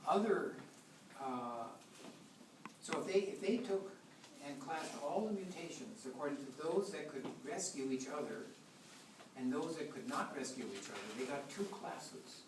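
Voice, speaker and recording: A man's voice: fairly high pitch, lively intonation, a little slow. A man giving a classroom science lecture, explaining step by step and often restarting his sentences. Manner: explanatory, thinks aloud with frequent restarts. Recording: echoey room, far from the mic, with noise.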